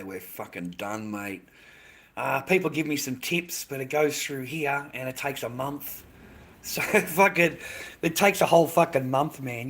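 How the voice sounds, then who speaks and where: A man's voice: on the low side, a bit bright. Swearing, rambling Australian man. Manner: rambling, swears constantly, says "mate" a lot. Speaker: livestreamer. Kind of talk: casual livestream chat.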